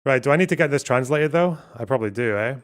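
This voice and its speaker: A male streamer talks loosely over clips he is watching, with a middle-pitched voice, quick curses and frequent laughter. His delivery is offhand and self-mocking, and he stumbles as he reads translations aloud on the fly. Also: lively intonation. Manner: casual, profane, laughs often, self-mocking. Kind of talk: live-stream commentary.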